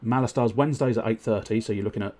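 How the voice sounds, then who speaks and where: Husky-voiced man streaming casually. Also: fairly low pitch, racing, mellow. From United Kingdom. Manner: wordy and politely formal, with many fillers and restarts. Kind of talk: casual live-stream chat.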